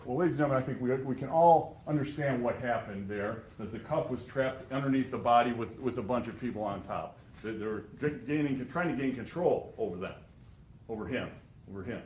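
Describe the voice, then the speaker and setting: A man's voice: mid-range voice, brisk, a little mellow, slight background noise. Sarcastic man arguing in an echoey courtroom. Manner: emphatic and sarcastic, addressing jurors. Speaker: prosecutor. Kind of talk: courtroom closing argument.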